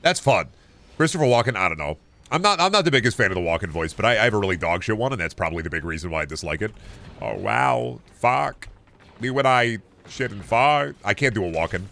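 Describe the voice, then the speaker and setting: A young man streaming a game, talking casually and rambling with lots of swearing as he answers chat, his pitch jumping up and down. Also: pushed and bright. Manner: rambling and profane, reacting to chat; pitch leaps up and down often. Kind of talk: casual live-stream chat while gaming.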